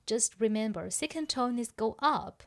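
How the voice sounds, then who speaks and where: A woman's voice: fairly high pitch, expressive, moderate pace. A woman hosting a podcast pronunciation lesson, explaining patiently step by step and checking that listeners follow. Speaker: language teacher and podcast host.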